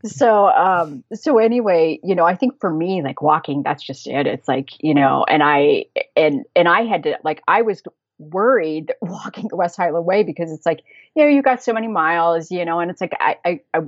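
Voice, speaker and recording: A woman's voice: on the low side, lively intonation, moderate pace, no room sound, highs cut off. An American woman chatting as a podcast guest, rambling and laughing often. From United States. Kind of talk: casual chat.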